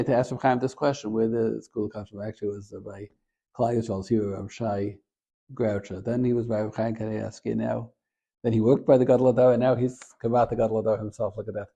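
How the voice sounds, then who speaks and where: A man, a rabbi and Torah teacher, giving a short Torah talk as an animated storyteller. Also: creaky, breathy edge, highs cut off. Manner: animated storyteller, gets louder and higher at the story's peak.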